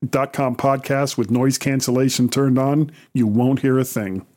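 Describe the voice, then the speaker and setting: A man's voice: mid-range voice, fairly even intonation, normal speed, darkish tone. A man co-hosting a podcast in casual, joking chat. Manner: joking, laughs easily. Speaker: podcast co-host.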